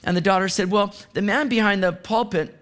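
A man preaching a sermon as pastor, animated, moving from hushed asides to excited exclamations. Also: high voice, brisk, clear, resonant tone.

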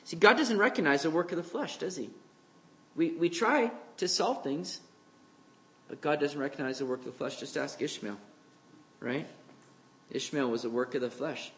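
Conversational male pastor, slightly higher voice. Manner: conversational preaching, acts out quoted voices, slows for scripture. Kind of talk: expository sermon.

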